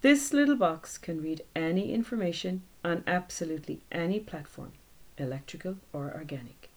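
A woman voicing a composed young male genius who speaks in a brisk, matter-of-fact way. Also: lowish voice, lively intonation, darkish tone.

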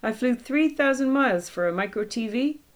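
A woman's voice: fairly high pitch, animated, moderate pace, pitched above the performer's own voice, lightly acted. Woman putting on a smug older businessman.

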